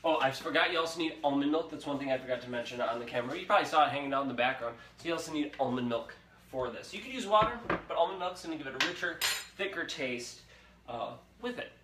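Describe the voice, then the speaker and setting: Talking fast in a pushed, bright, medium-pitched voice, a young man runs a live cooking show in his home kitchen. He's chatty and upbeat, addressing viewers directly in a casual demonstration. Faint sizzling, kitchen echo, and a little hiss or hum come through.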